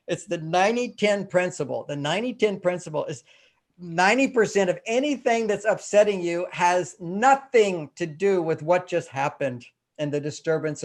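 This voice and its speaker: Animated older man explaining with mini scenes. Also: high voice. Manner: animated storyteller, acts out little scenes. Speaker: relationship counselor and author, guest. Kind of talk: interview, explaining techniques.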